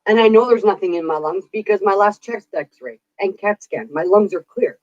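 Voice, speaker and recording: A woman's voice: medium pitch, moderate pace, a little mellow, no echo. A woman vlogger venting in casual chat, swearing freely as she rants. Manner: profane, venting rant. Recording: dull, dry lo-fi recording.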